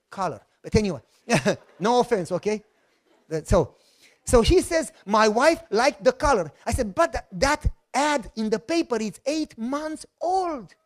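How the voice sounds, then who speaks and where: A middle-aged man with a Romanian accent, preaching a sermon as a lively, joking storyteller who acts out the dialogue. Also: sits high. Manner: animated, jokey, acts out dialogue. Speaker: pastor.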